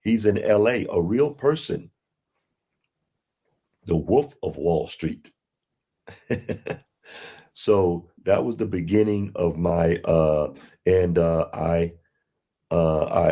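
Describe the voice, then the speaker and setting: A man being interviewed, recounting his past in a rambling, animated storytelling way and acting out the people he quotes. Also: slow, long pauses. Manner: acts out quoted dialogue in a higher voice; rambling with fillers and restarts. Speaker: interview guest.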